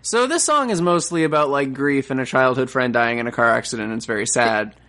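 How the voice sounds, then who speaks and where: A man's voice: medium pitch, expressive, brisk, sharp tone. A man co-hosting a podcast in casual chat, laid-back, swearing and laughing easily. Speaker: podcast co-host.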